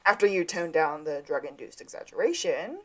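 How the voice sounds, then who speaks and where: A woman co-hosting a podcast, casually recapping a TV episode and acting out its lines. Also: sits low. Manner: animated, acts out scenes with quick line readings. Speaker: podcast co-host.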